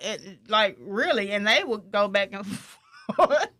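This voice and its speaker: A middle-aged woman hosting a family podcast, talking in a lively, laughing way and quoting people with animation. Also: mid-range voice, slow, dry recording. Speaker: podcast host. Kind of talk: casual chat.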